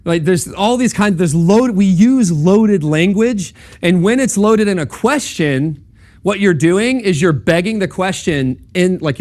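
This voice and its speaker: Man giving a casual classroom lecture, conversational, keeps checking in with "right?", acts out quoted dialogue. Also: sits high. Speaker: speaker at a campus talk.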